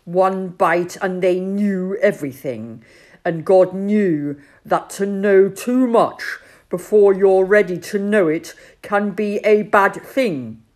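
A woman voicing a bold male bird captain in a storybook, bossy and excitable. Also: mid-range voice, slow, lightly acted. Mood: blustering.

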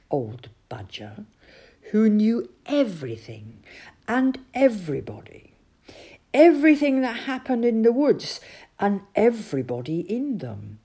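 A woman reading a children's story aloud in an expressive voice. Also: lowish voice, gravelly, slightly rough.

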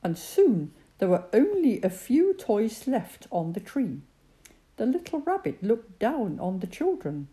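A woman reading a children's storybook aloud, slow and gentle. Her pitch swings widely and expressively, while her tone stays dark and mellow. She is warm-paced and unhurried. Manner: gentle, expressive voicing of characters.

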